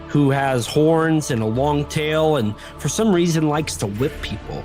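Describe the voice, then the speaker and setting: A man's voice: on the high side, unhurried, few pauses, a little mellow, soft background music. A man co-hosting a podcast, giving a rambling, jokey plot recap in casual chat. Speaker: podcast co-host.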